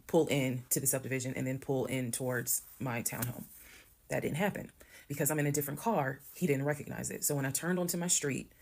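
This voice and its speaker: A woman's voice: very deep voice, creaky. A woman telling a personal story in a casual, blunt, conversational way, cursing now and then. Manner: conversational, blunt, swears while retelling.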